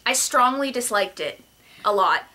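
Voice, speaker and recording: A woman's voice: a little high, animated, measured pace, sharp tone. A young woman giving blunt, playful opinions in a casual chat with a friend. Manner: blunt, playful, drifts into jokey mock accents. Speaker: guest vlogger.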